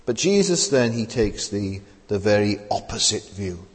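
A man's voice: lowish voice, very animated, measured pace. A man preaching a sermon, earnest and questioning, with many "uh" fillers. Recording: long hall reverb.

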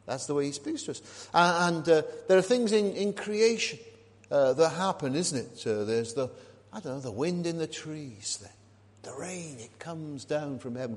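A man's voice: a little high, darkish tone. A man, a minister preaching a sermon, talking conversationally and asking and answering his own questions. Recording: long reverb of a large hall.

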